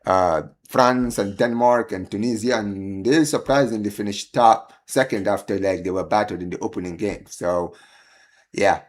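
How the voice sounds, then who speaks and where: A man hosting a live football watchalong stream. He rants, pleads and chats to his viewers in an excitable, exasperated way. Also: on the low side, moderate pace. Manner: chatty, addresses viewers as guys and bro. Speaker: livestream host.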